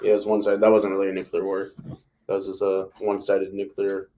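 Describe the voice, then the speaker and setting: Low-voiced man rambling on a live discussion. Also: monotone, fast, dark tone, slight background noise. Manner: rambling, lots of "like" and "you know". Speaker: host.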